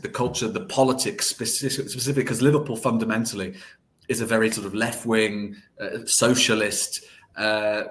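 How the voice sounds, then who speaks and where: A man's voice: on the low side, a little hiss or hum. A man answering as a podcast guest, earnest and reflective, often restarting phrases and filling them with "sort of". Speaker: guest, deputy editor of a football site.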